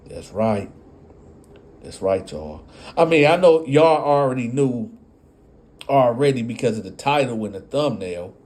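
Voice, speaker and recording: Mellow-voiced man telling a story. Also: medium pitch, animated, a little slow, long pauses. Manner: conversational, addresses the audience. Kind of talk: casual storytelling.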